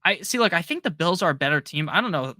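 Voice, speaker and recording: A man hosting a casual live-stream Q&A, reading viewer questions aloud and answering them quickly with jokes. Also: fairly high pitch, animated, pushed and bright, dry recording, clean studio sound. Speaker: fantasy football stream host.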